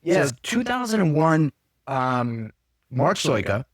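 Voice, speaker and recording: A man's voice: a little high, big pitch swings, takes it slowly, no echo, studio quality. Rambling, self-correcting male podcast host. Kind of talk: casual podcast chat.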